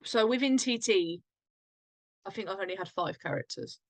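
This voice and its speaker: A woman's voice: medium pitch, expressive, normal speed, vocal fry, dry recording. A woman voice actor, a guest in a casual chat, talking playfully and laughing often.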